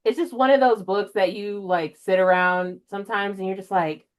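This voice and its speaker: A young woman hosting a casual book podcast, chatty and emotional, jumping way up in pitch when she acts out her own reactions. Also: moderate pace, smooth. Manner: emotional, animated storyteller with big pitch jumps in quoted reactions. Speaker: podcast host. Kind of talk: casual chat.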